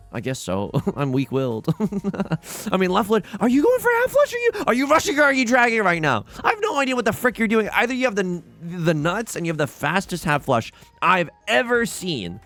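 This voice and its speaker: A young man giving casual, self-mocking commentary while playing a tile game, often swinging into loud groans. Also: lowish voice. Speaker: streamer playing mahjong. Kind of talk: casual let's-play commentary.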